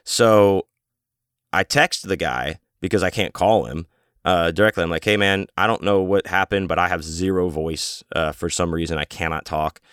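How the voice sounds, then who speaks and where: Man, very deep smooth voice, dry close sound, casual rambling storyteller, swears freely. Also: moderate pace, a bit bright, dry recording. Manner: rambling, profane, self-interrupting. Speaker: podcast host and author.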